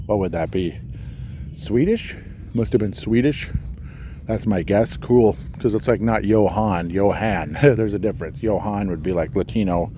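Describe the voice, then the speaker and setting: Male podcast host, mellow low voice, halting outdoor walk-and-talk, slightly winded. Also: a little hiss or hum. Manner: musing, halting, reads out names and dates. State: slightly out of breath. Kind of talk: walking tour commentary. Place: outdoors in a cemetery.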